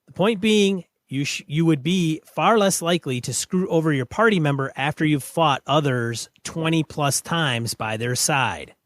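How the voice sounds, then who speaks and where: A man with a fairly high voice co-hosts a gaming podcast and talks in a blunt, plain-spoken way. He reads listener mail and chats casually. The sound is close and dry. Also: moderate pace, few pauses, fairly bright tone, dry recording. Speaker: podcast co-host.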